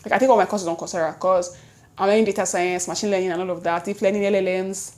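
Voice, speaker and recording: A young woman with a Nigerian accent, telling a story in a lively, chatty way to her vlog audience. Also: mid-range voice. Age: young adult. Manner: lively, chatty, quick self-corrections, Nigerian slang interjections. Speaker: vlogger. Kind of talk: casual storytelling to camera.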